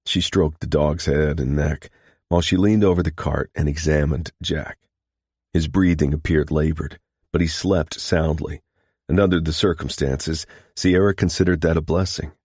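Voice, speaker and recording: Man, audiobook narrator, steady storytelling, husky, dry close recording. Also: very deep voice, moderate pace, no echo.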